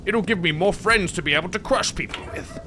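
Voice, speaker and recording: A man's voice: sits high, brisk, bright, forceful tone, a little hiss or hum. A man voicing a pushy talking tree.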